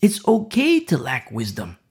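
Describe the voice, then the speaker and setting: A man's voice: medium pitch, huge pitch swings, unhurried, slightly rough. A man preaching a sermon. He speaks straight to the listener and repeats key phrases for emphasis. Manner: addresses listener directly and personally.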